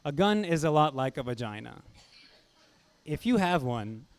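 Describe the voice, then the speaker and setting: A man's voice: on the high side, very animated, unhurried, slight background noise. Young male stand-up comic, nervous and self-deprecating, chatting with the crowd between jokes. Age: young adult. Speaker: stand-up comedian. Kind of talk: stand-up set.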